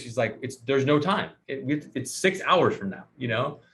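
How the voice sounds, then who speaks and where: A man hosting a casual podcast, telling a long story with lots of life and acting out the other people's lines himself. His pitch sits in a middle range and moves around. He talks the way you would with a friend. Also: normal speed. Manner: animated storyteller acting out quotes. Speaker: podcast host.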